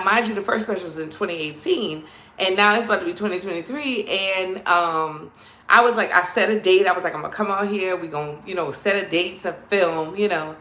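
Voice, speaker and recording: Calling her viewers "girl" and "child," a comedian with a New Orleans accent chats playfully and casually on her live stream. Her voice sits on the low side, bright and forceful, and the recording has a roomy sound.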